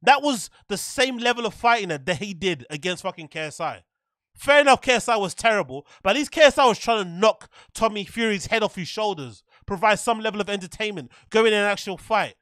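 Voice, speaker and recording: High, bright-voiced man ranting. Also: brisk, no room sound. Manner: animated, exasperated, profane, repeats his questions. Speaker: podcast host. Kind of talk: ranting commentary.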